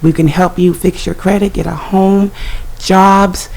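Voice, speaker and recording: A woman's voice: lowish voice, steady tone, a little slow, creaky, darkish tone. Scratchy-voiced woman. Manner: upbeat, eager, promotional. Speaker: guest, organization director. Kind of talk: casual radio talk.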